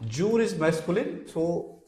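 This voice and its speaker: Male language teacher, slightly high voice, very slow and deliberate classroom lecture, echoey room. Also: animated, dark tone. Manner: slow, deliberate explaining, spelling words letter by letter. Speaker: French teacher.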